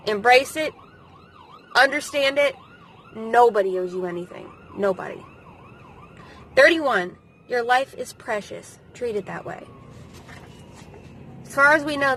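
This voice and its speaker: A woman's voice: a little high, a bit bright, a little hiss or hum, poor audio. Blunt, profane woman in her thirties. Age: 30s. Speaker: vlogger. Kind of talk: casual to-camera advice talk.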